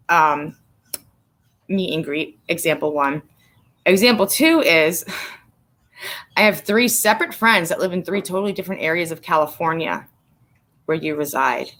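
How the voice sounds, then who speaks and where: A woman's voice: lowish voice, a bit bright. A woman on a casual live stream, rambling and swearing with sarcasm, sometimes choked up as she reads viewers' comments. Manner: emotional, tearing up while reading viewers' comments. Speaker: vlogger.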